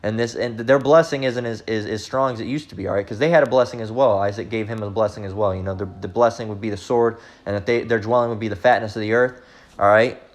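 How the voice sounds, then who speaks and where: A man's voice: on the low side, fairly even intonation, quick pace. A man preaching in a loose, rambling way, constantly saying "all right" and speaking bluntly with profanity. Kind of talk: informal religious teaching monologue.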